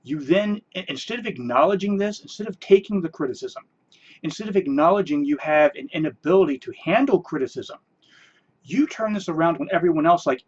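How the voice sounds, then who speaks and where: Man, high-pitched, scornful rant, dull lo-fi sound. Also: animated, fairly quick, a little mellow, slightly rough. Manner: sarcastic, scornful, mocking voices. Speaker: video commentator. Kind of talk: ranting response video.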